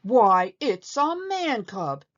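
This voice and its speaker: A blustering old bull elephant colonel bellows and scolds in clipped parade-ground orders, as a woman puts him on in a storybook reading. The tone sits on the low side, and the sound is slightly muffled. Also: animated, a little slow. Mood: scolding. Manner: barking drill commands.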